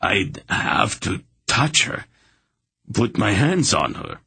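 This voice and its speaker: A fanatical cave-dweller wracked with guilt, pleading in a strained voice, as a man voices him. Low, husky and dry. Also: wildly swooping pitch, slow pace, pushed and bright, dry recording, heavily acted. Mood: anguished. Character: tormented fanatical male cave-dweller, anguished zealot.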